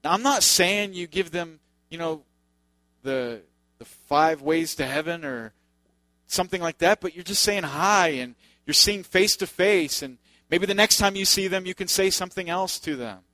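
Male pastor, conversational sermon, joking asides, slightly high voice, dry sound. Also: normal speed, sharp tone, no echo.

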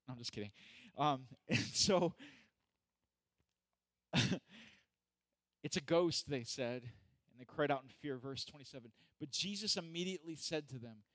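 A man's voice: fairly high pitch, a little slow, long pauses, no room sound. A man preaching a casual, joking sermon who acts out the people in the story. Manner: animated, joking, acts out voices. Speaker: pastor. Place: church hall.

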